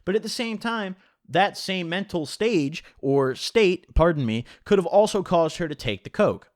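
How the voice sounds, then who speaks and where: A man's voice: high voice, unhurried, dry recording, clean studio sound. A man telling a story in a casual vlog, swearing often and filling his talk with "like". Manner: animated, heavy swearing and filler "like". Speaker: storytelling vlogger.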